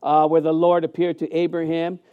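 A man preaching a sermon as pastor in a church sanctuary, emphatic and animated, with many fillers and restarts. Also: a little high, fairly quick, clean tone, lo-fi sound.

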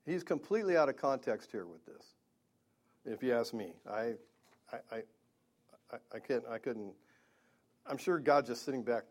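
A man's voice: mid-range voice, expressive, normal speed, pauses often, a little mellow. A man preaching a Bible-teaching sermon, earnest, with stammering restarts and emphatic peaks.

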